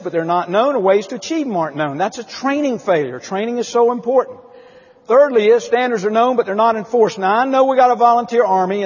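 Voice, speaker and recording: A man with a husky, rather high voice delivers an emphatic keynote talk at a conference. The recording is dull and lo-fi, with a long reverb from a large hall. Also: a little mellow. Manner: emphatic storytelling, asks the audience questions. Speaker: motivational speaker at a company conference.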